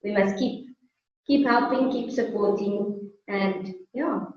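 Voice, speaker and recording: A woman's voice: mid-range voice, slow pace, a little mellow. A South African woman talking as a guest business owner in a friendly, casual interview, laughing often. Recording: echoey, distant, muffled sound.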